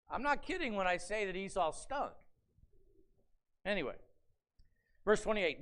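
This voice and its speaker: Bright-voiced, animated male pastor preaching. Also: high voice, a little slow, pauses often. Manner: animated storyteller, dramatizing scripture with rhetorical questions. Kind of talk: sermon. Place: church sanctuary.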